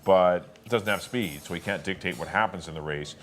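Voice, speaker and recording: A man giving his horse racing picks in a relaxed, halting way, with plenty of filler words. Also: low-pitched, faint music behind. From Canada. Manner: relaxed, hesitant with many uhs. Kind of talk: casual racing picks chat.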